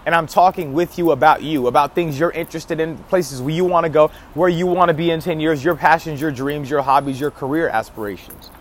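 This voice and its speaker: A man's voice: on the high side, brisk, few pauses, a little hiss or hum. A man talking to his viewers in a casual vlog about marketing, emphatic, with key phrases repeated and frequent restarts. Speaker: marketing vlogger. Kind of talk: casual marketing advice talk to camera.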